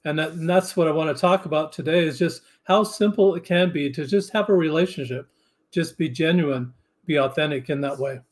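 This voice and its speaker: Earnest, halting male guest, higher voice. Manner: earnest, halting with restarts and fillers. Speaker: podcast guest. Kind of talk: casual interview chat.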